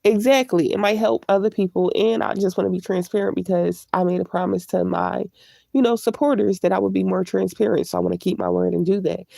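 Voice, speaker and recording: Chatting candidly with her live viewers and greeting them as they arrive, this female YouTube vlogger sounds congested from a cold. Her gravelly voice is medium in pitch, expressive, warm and fairly quick. The recording is dry, with no echo.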